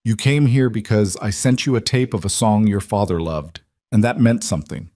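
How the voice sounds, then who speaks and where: A man voicing a cold, guarded crime boss in a read-aloud story, speaking quietly with terse, flat replies. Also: lowish voice, normal speed, no echo, studio quality, lightly acted.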